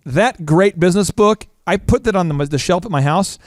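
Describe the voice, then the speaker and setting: Animated, high-voiced joking male host. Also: normal speed, no room sound, clean studio sound. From Oklahoma. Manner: animated storyteller, jokey and self-mocking. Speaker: podcast host. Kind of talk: casual chat.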